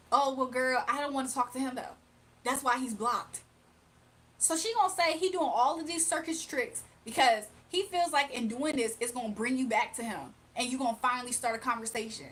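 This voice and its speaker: A woman's voice: sits high, moderate pace, a bit bright. A woman, giving a casual, emphatic spiritual reading on a livestream. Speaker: spiritual reader.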